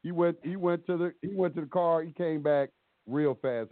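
A man's voice: on the high side, normal speed, no room sound. A man telling stories casually on a call-in show, acting out both sides of the dialogue. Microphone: phone call. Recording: tinny dry phone line.

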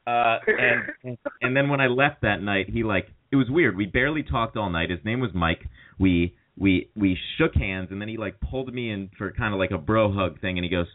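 A man's voice: on the low side, moderate pace. A man co-hosting a podcast, telling jokey stories in casual chat. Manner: jokey storyteller who slips into voices. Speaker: podcast co-host. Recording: phone-like call audio.

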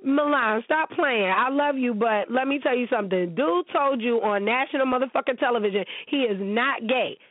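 Woman talk-show host, casual profane commentary, slightly high voice, tinny and dry. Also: normal speed, hardly any pauses, no echo. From United States. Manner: blunt, profane and animated.

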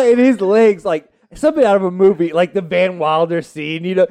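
A man's voice: high-pitched, fairly quick, hardly any pauses, crowd noise. A middle-aged man with a Texan accent tells a funny story among friends, laughing and acting out other people's lines. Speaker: podcast co-host.

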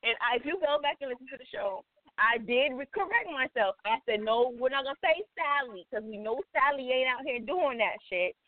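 A woman co-hosting a loose, casual talk show who protests in an animated way. Her voice is high and swoops widely. The sound is dry and thin, like a phone line. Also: a little fast, no echo. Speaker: co-host. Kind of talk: casual chat.

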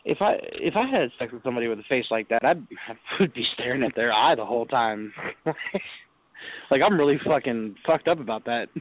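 A man's voice: mid-range voice, animated, brisk. Profane storytelling man on a tinny line. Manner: profane, storytelling, laughs often. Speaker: radio show host. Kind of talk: casual crude chat on internet radio. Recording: tinny call-in audio.

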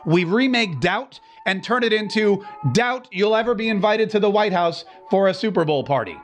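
A man's voice: sits high, animated, normal speed, soft background music. A man hosting an opinionated political show, talking in a sarcastic, mocking way with many asides. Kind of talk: opinionated commentary.

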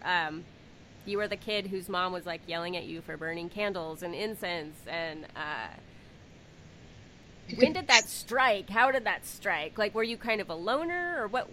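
Bright, enthusiastic woman host. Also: lowish voice, moderate pace, a little hiss or hum, rough recording. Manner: enthusiastic, laughs often. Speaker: podcast host. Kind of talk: casual interview talk.

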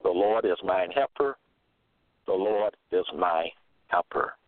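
A man's voice: low-pitched, animated, slow, no room sound. A man giving a sermon, reading and explaining verses, emphatic and repeating himself. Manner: emphatic, repeats phrases, spells out words. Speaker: preacher. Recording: tinny phone-line sound.

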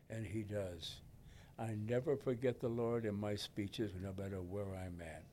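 A man in his nineties from Detroit, telling a personal story as a guest in a halting, emotional and folksy way, with many restarts. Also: on the low side, steady tone, a little mellow, a little hiss or hum. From Detroit, USA. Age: 90s. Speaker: guest, veteran and pastor.

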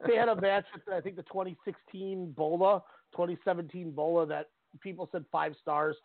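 A man's voice: high voice, fairly even intonation, moderate pace, dry recording. A man co-hosting a sports radio show, giving strong opinions on wrestling and laughing easily. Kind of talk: casual wrestling talk. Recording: tinny phone-line sound.

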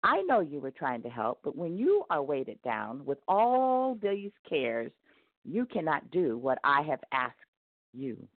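A woman voicing God in a storybook tale, gentle and reassuring. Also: low-pitched, huge pitch swings, slow pace, no echo, full character voice. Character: God, gentle, patient and kind. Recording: tinny phone-like dry sound.

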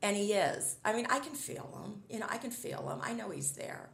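A woman's voice: medium pitch, big pitch swings, fairly quick, vocal fry, fairly bright tone, roomy sound. A middle-aged woman talking casually as an interview guest, upbeat and chatty, often laughing as she tells stories.

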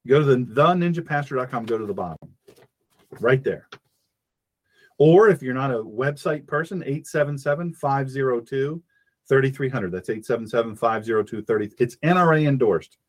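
A man's voice: medium pitch, fairly quick. A man hosting a fiery political talk radio show, preaching in an impassioned way and acting out little scenes.

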